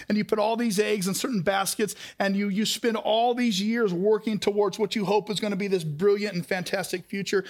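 A man with a strikingly high-pitched voice preaches a sermon, moving through stories and putting direct questions to the congregation. He shifts between hushed, slow stretches and higher, faster passages. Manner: storytelling, direct questions to the listeners. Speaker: pastor.

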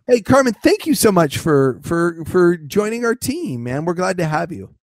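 A man co-hosting a podcast in casual chat, rambling with halting restarts and jokes. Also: high-pitched, big pitch swings, dry recording. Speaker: podcast co-host.

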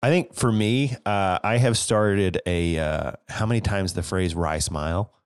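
A man from Tennessee with a very low voice talks through a book in a wry, analytical way. He drops playful asides into his points. The sound is dry and close to the mic. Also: measured pace, clear, resonant tone, no echo. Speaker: podcast co-host. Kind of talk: casual book discussion.

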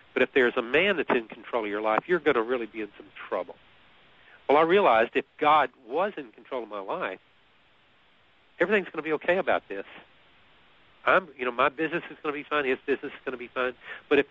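A man telling a personal story in an easy conversational way. He is animated, often repeats words and laughs at his own story. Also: medium pitch. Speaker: guest. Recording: muffled lo-fi radio recording.

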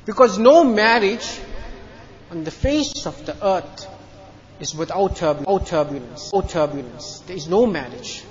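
A man delivers a Friday sermon in a mosque with an earnest, repetitive manner. His voice sits high. The recording is dull and lo-fi. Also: animated, moderate pace. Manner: earnest, repeats phrases, tells a joke story. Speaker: mufti giving Friday lecture.

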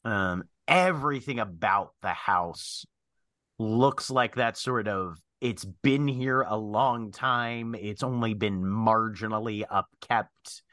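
Male game master, bright and dry-sounding, narrates scenes with frequent fillers. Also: fairly low pitch, slow pace, dry recording. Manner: descriptive, hesitant with many fillers.

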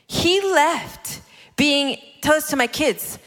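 A woman in her thirties preaching a sermon, animated and playful, acting out the voices of the people she quotes. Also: high-pitched, takes it slowly. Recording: long hall reverb.

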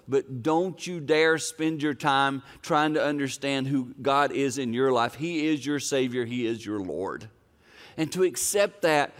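Older guy preaching, smooth clear voice, chatty and earnest like telling a family story. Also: medium pitch, a bit bright. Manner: conversational, earnest, folksy storytelling. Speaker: pastor. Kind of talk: sermon with personal story.

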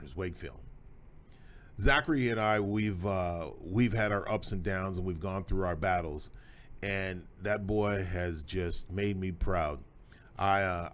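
A middle-aged man, hosting a podcast and telling folksy, emphatic stories as a proud father. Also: low-pitched. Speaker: host. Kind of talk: podcast conversation with his son.

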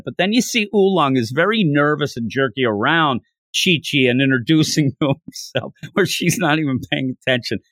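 A man hosting a podcast, recapping a manga chapter in a jokey, animated way. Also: a little high, no echo, studio quality. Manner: animated, jokey, laughs while retelling. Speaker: podcast host.

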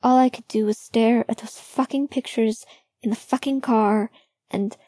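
A woman reading an audiobook, voicing a nervous young man who talks in halting, rushed confessions. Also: on the high side, steady tone, mellow, dry recording, close to an everyday voice. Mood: anxious.

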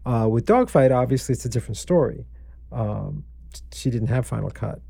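A man tells stories from a film production in an easygoing way, tossing in quick asides. His voice sounds gravelly and dark, recorded dry and close. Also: medium pitch, lively intonation, no echo. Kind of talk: casual conversation about filmmaking.

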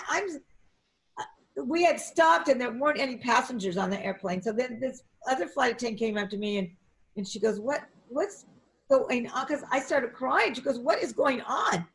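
A middle-aged woman telling lively anecdotes in an interview, jumping up in pitch as she acts out what people said. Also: fairly quick. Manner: animated, acts out quotes in a high excited voice, frequent restarts. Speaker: actress and flight attendant, interview guest. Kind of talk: conversational storytelling.

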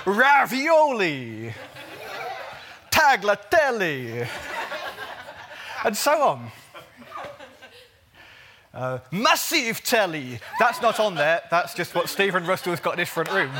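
Male preacher, bright and fairly high voice, earnest with playful asides. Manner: earnest, jokey asides, stretches words for emphasis. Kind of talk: sermon.

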